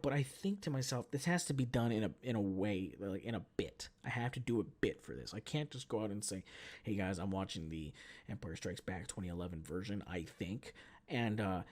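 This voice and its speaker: Casting: man in his twenties, solo podcast host, lively swearing storyteller with a voice that rises and falls widely. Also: mid-range voice, creaky. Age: 20s. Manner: animated, profane, jumps between mumbling and shouting. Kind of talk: casual storytelling rant.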